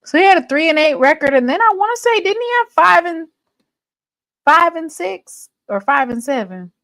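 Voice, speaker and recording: A woman's voice: very high-pitched, expressive, moderate pace, fairly bright tone, no room sound, studio quality. A woman hosting a live sports talk stream, chatting straight to her viewers in a sassy, gossipy way. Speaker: livestream sports show host.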